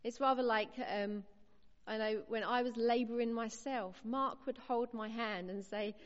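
A woman preaching a sermon, earnest and encouraging, her voice sitting a little high. She speaks in measured phrases with pauses. The recording is slightly muffled, with a long reverb from a large hall. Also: fairly even intonation.

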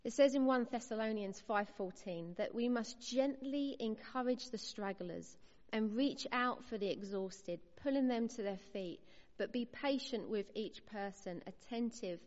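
Earnest woman preaching in a hall. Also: a little high. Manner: earnest, measured and encouraging, with pauses between phrases. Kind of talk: sermon. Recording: muffled sound in a reverberant hall.

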